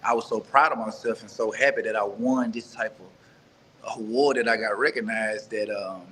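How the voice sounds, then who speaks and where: A man from Mississippi telling his life story as an interview guest, earnest and halting, often restarting and repeating words. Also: lowish voice, steady tone, bright, forceful tone, a little hiss or hum, rough recording. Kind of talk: personal life story in conversation.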